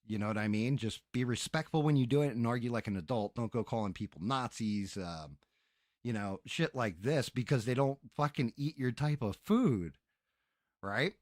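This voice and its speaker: A man's voice: medium pitch, animated, moderate pace, darkish tone, no room sound, clean studio sound. A man streaming on a headset mic, telling a story in a casual, profane, exasperated rant. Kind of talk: casual ranting stream chat.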